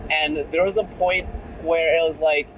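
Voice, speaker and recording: A man's voice: a little high, fairly even intonation, unhurried, slight background noise, poor audio. A young man talking candidly in a casual vlog while driving, full of "like" and "right?". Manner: chatty and candid, many fillers like "like" and "right?". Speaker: vlogger.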